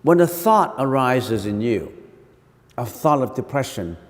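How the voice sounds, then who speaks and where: A man teaching meditation as a Buddhist monk, giving an animated dharma talk full of rhetorical questions and repeated phrases. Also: medium pitch, unhurried. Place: temple hall. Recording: long reverberant hall.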